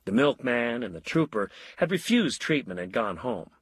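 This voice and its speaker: A man narrating a story in an expressive audiobook style, voicing all the characters. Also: mid-range voice, moderate pace, slightly rough, no room sound.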